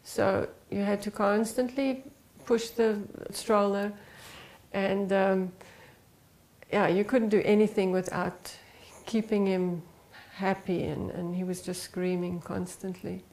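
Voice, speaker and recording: A middle-aged woman from South Africa, haltingly recalling family hardships in a conversation. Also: mid-range voice, flat delivery, darkish tone. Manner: halting, with pauses and restarts. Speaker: interviewee, wife. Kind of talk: personal testimony in conversation.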